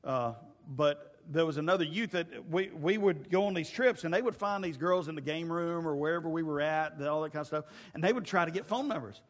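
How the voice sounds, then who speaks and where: Middle-aged male pastor, high voice, lively humorous sermon delivery, big reverberant church hall. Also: brisk, few pauses. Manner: animated, humorous storytelling with shouted asides. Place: church sanctuary.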